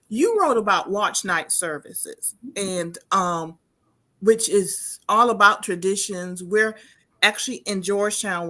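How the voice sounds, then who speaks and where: A woman's voice: medium pitch, fairly bright tone. Chatty woman hosting a conversation. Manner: chatty, personal, with many restarts. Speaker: host. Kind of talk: conversational interview.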